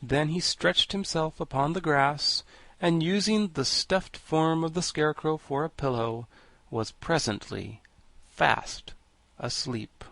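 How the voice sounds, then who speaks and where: A man reading a classic children's novel aloud as audiobook narrator, in an even, measured storytelling manner. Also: fairly high pitch, gravelly, dry recording.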